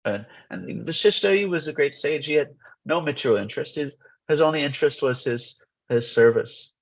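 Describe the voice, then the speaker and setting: Brief: husky male class teacher, animated storyteller who rambles and restarts. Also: on the high side, moderate pace, rough recording. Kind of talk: lively storytelling scripture class. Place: temple.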